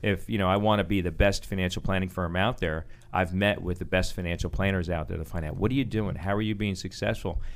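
Fast-talking low-voiced man telling stories. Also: vocal fry. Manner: animated storytelling with frequent fillers and restarts. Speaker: guest, business owner. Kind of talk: conversational radio interview answers.

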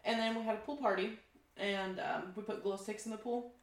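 A woman's voice: mid-range voice, a little fast, creaky. A woman co-hosting a casual chat podcast, telling stories in a loose, swearing, laughing manner. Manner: storytelling, swearing freely, laughing. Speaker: podcast co-host. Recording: roomy echo.

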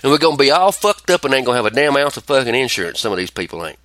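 A man's voice: medium pitch, very fast, no room sound. A man hosting a casual podcast chat, ranting and telling stories with plenty of swearing. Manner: profane, ranting, animated storytelling. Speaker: podcast host.

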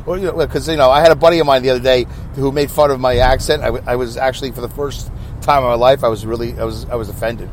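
A man's voice: mid-range voice, quick pace. A man hosting his own podcast in a chatty, rambling, wry monologue, talking on the road as motorcycles pass. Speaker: podcast host. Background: passing traffic.

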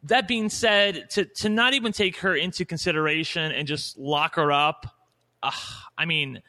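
A man's voice: a little high, normal speed, bright, forceful tone. A man from Indiana co-hosting a TV recap podcast, speaking candidly and opinionatedly in casual chat. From Indiana, USA. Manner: candid, opinionated, trails off and restarts. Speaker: podcast co-host.

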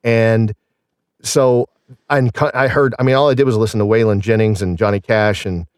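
A man's voice: on the low side, steady tone, moderate pace, smooth, no echo, studio quality. A middle-aged man from Southern Illinois with a Southern Illinois accent, rambling casually with many fillers as a guest. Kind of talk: casual conversation.

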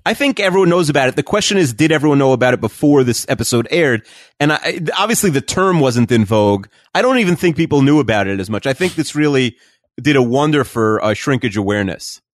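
A man's voice: medium pitch, animated, fast talker, dry recording, studio quality. A man co-hosting a podcast, chatting casually with wry, joking asides about a sitcom. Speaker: podcast co-host. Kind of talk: casual chat commentary.

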